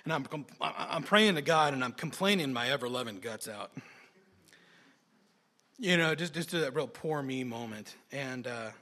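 A man preaching a sermon, telling personal stories in a folksy, animated way with sudden loud bursts. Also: mid-range voice, moderate pace.

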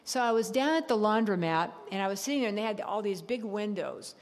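A middle-aged woman preaching in a church, telling a personal story in an animated way, laughing and acting out her own thoughts. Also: mid-range voice, fairly quick. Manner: animated storytelling with laughs and acted-out inner voices. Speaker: speaker at a church service. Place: church hall. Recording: long hall reverb.

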